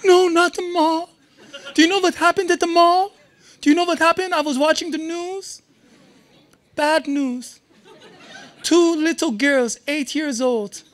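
A man's voice: very high-pitched, fairly even intonation, measured pace, pauses often, fairly bright tone, pitched above the performer's own voice. A man putting on the voice of his fretful, overprotective older father, alarmed and exclaiming.

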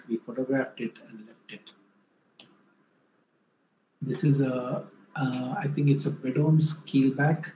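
A man from India, presenting wildlife photos in a talk, often pausing and correcting himself, livelier when retelling a story. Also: medium pitch, mellow. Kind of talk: illustrated talk. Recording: echoey room, faint background noise.

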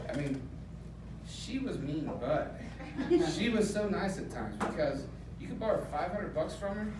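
A man's voice: on the high side, lively intonation, a little slow, far from the mic. A man doing a crude, loose stand-up comedy set on a club stage, laughing at his own jokes. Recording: echoey club with crowd noise. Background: audience laughter.

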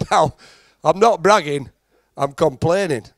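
Speaking slowly in a fairly high pitch, a middle-aged Yorkshire-accented comedian from Halifax, England, runs through chatty, self-deprecating stand-up and teases the audience. There is no echo.

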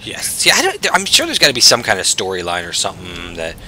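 A man's voice: low-pitched, huge pitch swings, quick pace, sharp tone, a little hiss or hum. A man casually commenting on his own gameplay as a channel host, chatty and self-mocking, swearing freely.

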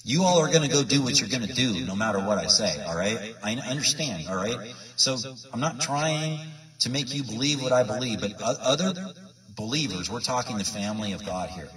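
A man's voice: mid-range voice, animated, a little fast, fairly bright tone, recorded from a distance. A man preaching informally to his viewers, emphatic and repetitive, full of rhetorical questions. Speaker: independent Bible teacher.

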